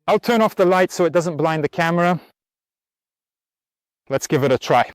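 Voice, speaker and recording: Male host, a bit high, breathless, casual coach talk, dry sound. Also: normal speed, smooth, dry recording. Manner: tired, chatty, encouraging. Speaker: riding instructor and host. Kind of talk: casual outdoor lesson vlog. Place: outdoors at a riding spot in the heat.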